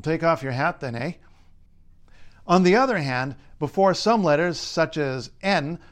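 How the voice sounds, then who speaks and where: Man reading a scripted explainer, slightly high voice, dry jokes, clear and even. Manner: clear, wry, lightly humorous delivery. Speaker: linguist and writer.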